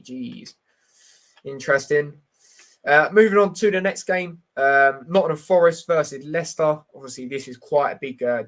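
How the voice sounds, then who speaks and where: A man hosts a casual football live stream at an ordinary middle pitch. He rambles with plenty of fillers, reads viewers' comments aloud, and speaks bluntly and directly to the chat. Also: a bit bright.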